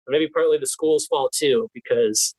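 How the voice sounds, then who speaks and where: A young adult man being interviewed as a guest in a casual chat, animated and laughing often as he restarts his sentences. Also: mid-range voice, normal speed, husky, no room sound, rough recording. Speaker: guest, team PR specialist.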